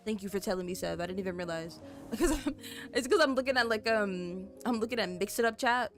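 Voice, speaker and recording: Faint music sits behind a young woman streamer whose mid-range voice is animated, brisk and fairly bright. While building in a game she rambles casually to her chat, saying "like" and "you know" constantly, chatty and apologetic with viewers.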